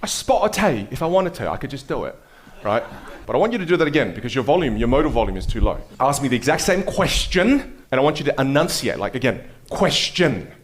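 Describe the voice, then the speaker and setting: An Australian man coaching speech at a live workshop, energetic, emphatic and playful. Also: mid-range voice, quick pace.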